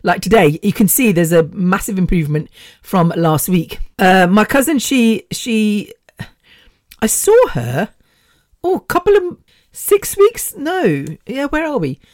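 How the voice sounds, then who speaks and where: A woman's voice: medium pitch, big pitch swings, unhurried, a little mellow, no room sound, clean studio sound. A woman in her fifties hosting a podcast alone, rambling and chatty with the odd swear word. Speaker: podcast host. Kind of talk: casual solo podcast chat.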